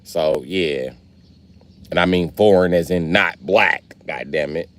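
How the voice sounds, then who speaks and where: A young man with a very low voice rambles through a casual live stream, swearing freely and talking straight to his chat. His talk wanders from one story to the next in an easy, unpolished flow. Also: slow pace, a bit bright. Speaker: livestreamer.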